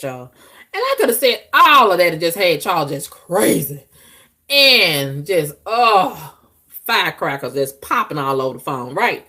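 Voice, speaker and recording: Low-voiced woman, wildly animated. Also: normal speed. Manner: animated, swings to loud squealing outbursts; frank, profane, conversational drawl. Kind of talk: candid casual monologue to viewers.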